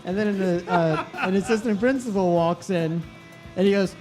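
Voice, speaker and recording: A man's voice: high-pitched, normal speed, over music, low-quality recording. A man who is a guest on a casual podcast, telling a story and teasing the host. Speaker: guest chef, former student.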